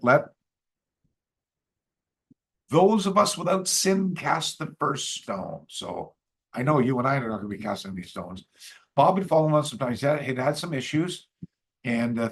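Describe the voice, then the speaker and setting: An older man from Canada telling a story as a podcast guest, halting, with many restarts and fillers. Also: medium pitch. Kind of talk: casual storytelling interview.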